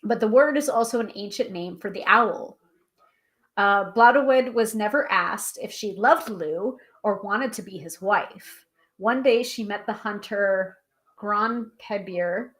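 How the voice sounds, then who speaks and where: Woman doing a live tarot stream, chatty and self-deprecating, mid-pitched voice, reads from the guidebook and stumbles on names. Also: unhurried, a bit bright. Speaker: tarot reader and livestream host. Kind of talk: casual live-stream chat and card reading.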